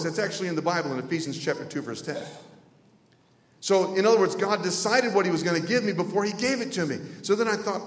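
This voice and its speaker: A man's voice: high-pitched, lively intonation, quick pace. Preacher man in an echoey hall. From North Carolina. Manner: emotional storytelling, swinging from loud exclamations to hushed near-whispers. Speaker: pastor. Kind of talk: sermon. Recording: echoey hall with long reverb.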